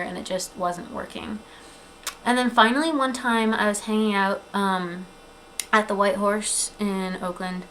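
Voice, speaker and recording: A woman in her twenties talking in a casual, earnest personal vlog, chatty, with frequent ums and quick asides. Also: mid-range voice, a bit bright, rough recording. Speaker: vlogger. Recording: 2008 webcam video, faint room noise.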